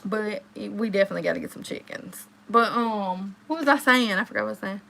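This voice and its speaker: A young woman, hosting a casual livestream and chatting with viewers, telling stories and jumping into high exclamations. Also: fast, vocal fry, bright, forceful tone. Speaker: livestream host.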